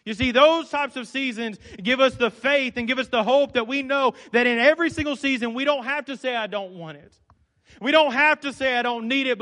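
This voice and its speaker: Male pastor, fervent sermon, high voice, long church reverb. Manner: swings between loud fervent and soft low delivery.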